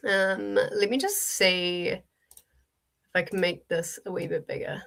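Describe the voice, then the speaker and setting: Kiwi lady on a stream, just woke up, lowish voice with some fry, lots of ums talking to chat. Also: measured pace, fairly bright tone. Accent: New Zealand. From New Zealand. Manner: chatty, addresses viewers directly, frequent ums. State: early-morning voice. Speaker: livestream host leading reading sprints. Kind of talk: casual livestream chat.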